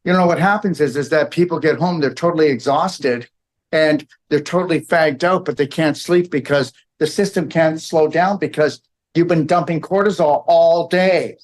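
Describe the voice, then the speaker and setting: A man lecturing to a live audience in a room, his voice sitting fairly high for a man. He rambles and presses his points hard, forever tacking on okay and all right. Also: normal speed.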